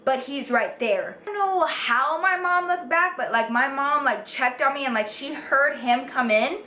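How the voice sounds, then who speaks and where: A woman's voice: high voice, lively intonation, normal speed, sharp tone. A young woman in her twenties from the United States, telling a storytime to her viewers, swearing freely and saying "like" and "you guys" a lot. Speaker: beauty vlogger. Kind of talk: storytime monologue to camera. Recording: echoey room with faint background hiss.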